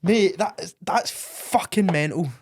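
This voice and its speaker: This young Scottish podcast co-host has a high, unhurried voice, with a faint hiss or hum on the recording. He swears and laughs his way through embarrassing stories in relaxed chat, dropping "mate" often.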